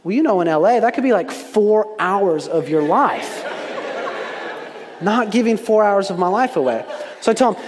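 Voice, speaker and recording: Man preaching, high voice, animated storyteller, long echo of a big church hall. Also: moderate pace. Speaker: pastor. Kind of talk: sermon.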